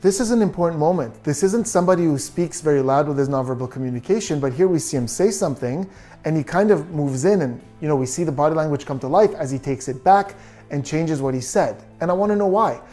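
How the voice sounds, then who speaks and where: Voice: medium pitch, lively intonation, fast talker, mellow, soft background music. A body language analyst giving true crime video commentary, reasoning through details and asking many questions.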